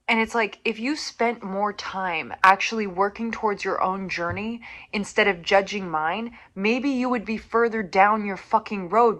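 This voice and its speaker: A young woman delivers a motivational rant on her podcast, blunt and emphatic, peppered with profanity. Her voice sits at an ordinary middle pitch, and she turns sarcastic when she answers her critics. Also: fairly bright tone. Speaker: podcast host.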